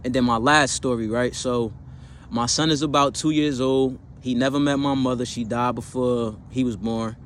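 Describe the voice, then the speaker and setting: A young man in his twenties tells a personal story in loose, street-slang speech, swearing freely and circling back to correct himself. His voice sits at an ordinary middle pitch. Faint noise hums behind him. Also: steady tone, normal speed. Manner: slangy, profane, rambling with fillers and self-corrections.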